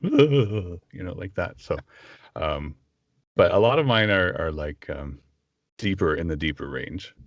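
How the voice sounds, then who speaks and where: A man, a voice actor, chatting in an interview and animated, often breaking into impressions. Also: sits low, unhurried, no room sound, highs cut off. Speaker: voice actor guest. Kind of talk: casual interview chat.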